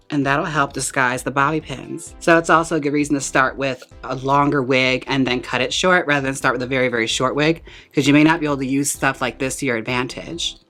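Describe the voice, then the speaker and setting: A man's voice: medium pitch, pushed and bright. A man chatting casually as he styles a wig and walks through each step. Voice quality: chatty and playful, talks while styling. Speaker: wig stylist and vlogger. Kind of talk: casual tutorial chat.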